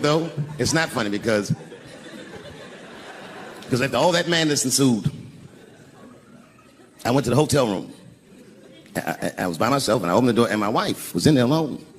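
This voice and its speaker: A middle-aged man telling a stand-up story, swinging between hushed asides and loud outbursts. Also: mid-range voice, very animated, normal speed, long pauses, a little hiss or hum. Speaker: stand-up comedian. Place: large theater stage. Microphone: stage microphone. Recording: reverberant live theater recording.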